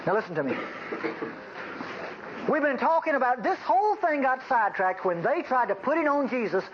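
A man preaching a folksy, bantering sermon to his congregation, in a dull lo-fi recording. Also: high voice. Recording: dull lo-fi recording, faint noise.

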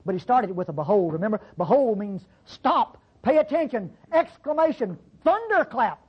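Husky voice, folksy Bible teacher, conversational preaching, mid pitch, dramatic quoted lines. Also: big pitch swings, normal speed, hardly any pauses, dull audio. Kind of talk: sermon-style Bible class teaching.

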